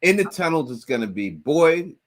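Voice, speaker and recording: A man co-hosting a casual livestream call-in show, animated and repeating words for emphasis. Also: on the high side, normal speed. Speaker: co-host.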